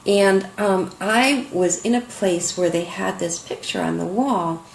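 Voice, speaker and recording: A woman's voice: mid-range voice, a little slow, creaky, echoey room, a little hiss or hum, rough recording. An older woman art teacher telling a heartfelt, emotional story to her students in an online lesson.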